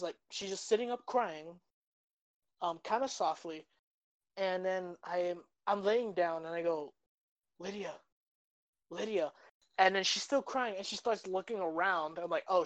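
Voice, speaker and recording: Young woman, casual storyteller, loose and filler-heavy delivery, low register, dry sound. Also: normal speed, no echo, poor audio. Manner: rambling, filler-heavy, with laughs. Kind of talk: casual chat.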